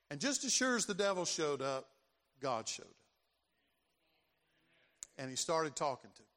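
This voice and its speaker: A man, preaching a sermon and telling a personal story, acting out voices and building to loud emphasis. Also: fairly high pitch, very animated, normal speed, long pauses. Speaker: pastor. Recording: long hall reverb.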